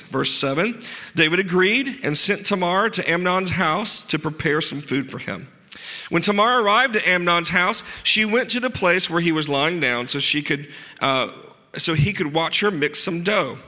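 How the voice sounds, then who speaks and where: A pastor preaches a sermon in a fairly high, bright, forceful male voice, earnest yet slipping in dry asides. He slows down to lean on key words, and a long reverb makes him ring out as if in a large hall.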